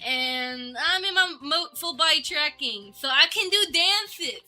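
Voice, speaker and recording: With faint background music, a woman VTuber chats casually with her audience, bubbly and often giggling. She has a sharp, expressive high voice and keeps a measured pace.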